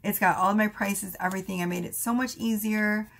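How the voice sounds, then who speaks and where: Woman doing a chatty tarot reading, gravelly hoarse voice, lots of ums and you-knows. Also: medium pitch, fairly even intonation, fairly quick, a little hiss or hum. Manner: rambling, many fillers and asides. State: losing her voice. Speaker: tarot reader. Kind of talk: casual tarot reading monologue.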